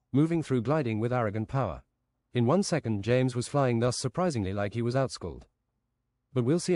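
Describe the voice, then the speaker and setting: A man's voice: mid-range voice, a little mellow, no room sound, clean studio sound. A man streaming a game while improvising a rambling, absurd fantasy story.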